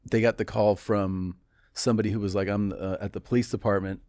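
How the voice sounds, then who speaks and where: Animated man telling stories. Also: on the low side, a little fast, no room sound, clean studio sound. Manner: animated storyteller, acts out quoted texts. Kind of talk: casual podcast chat.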